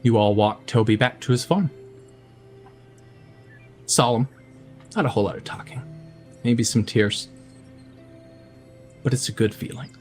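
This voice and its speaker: A man's voice: medium pitch, measured pace, long pauses, a little mellow, soft background music. A man running a tabletop game as game master, narrating in a heartfelt, emotional way.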